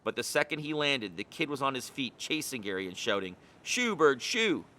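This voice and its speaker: A man narrating a children's picture book. His storytelling is expressive and lively, and his tone has a bright, pointed edge. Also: medium pitch, brisk, a little hiss or hum. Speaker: reader. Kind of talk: picture book read-aloud.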